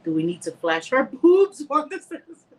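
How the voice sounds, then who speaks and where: In a lowish, sing-song and slightly mellow voice at a moderate pace, a livestream host reads and answers viewer comments casually. She's emotional and teary but laughs through it, heartfelt and rambling, and slightly stuffy as she recovers from a bad cold. The audio is poor.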